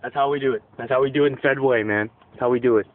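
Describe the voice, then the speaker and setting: A young man playing quarterback films backyard football with his cousin outside a house, narrating each take in a racing, medium-pitched voice. He's excitable and joking, announcing every attempt, and the camera audio is tinny and lo-fi with a faint hiss.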